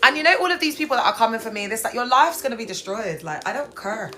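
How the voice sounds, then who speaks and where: A woman chats straight to her live-stream viewers from a hospital bed, talking casually and sometimes rising into high, excited exclamations. Her tone is bright and forceful, and soft music plays faintly behind her. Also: fast talker. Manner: chatty, animated, talks straight to viewers. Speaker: livestream host.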